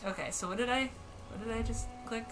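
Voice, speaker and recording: A woman's voice: on the high side, quick pace, over music, rough recording. A woman streamer chatting casually while playing a game at home, candid and swearing, reading in-game text aloud as she goes. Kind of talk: casual gameplay chat.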